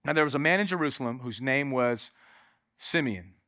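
A man preaching a lively sermon as pastor in a church, calling on the congregation and exclaiming as he goes. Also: mid-range voice, moderate pace, dry recording, studio quality. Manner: calls on the crowd, exclaiming and animated.

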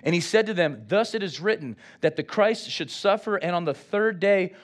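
A high-pitched male pastor preaches at a moderate pace, reading from scripture and getting lively call-and-response from the congregation.

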